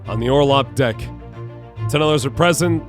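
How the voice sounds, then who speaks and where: A man's voice: medium pitch, normal speed, soft background music. A man streaming a video game, puzzling things out aloud and musing to himself as he plays. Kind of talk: live gameplay commentary.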